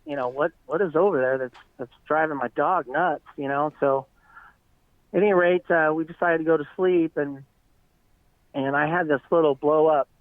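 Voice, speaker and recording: Man with a slightly high voice, tinny phone line. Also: no room sound. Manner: earnest, rambling retelling. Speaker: eyewitness guest. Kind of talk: casual storytelling.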